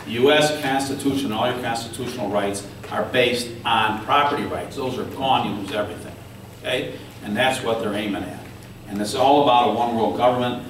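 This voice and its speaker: A man's voice: medium pitch, fairly quick, far from the mic, noisy background. A man telling stories at a political forum, acting out officials as he quotes them. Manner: animated storytelling, acts out quoted officials. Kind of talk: speech to an audience. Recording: very echoey room recorded from afar.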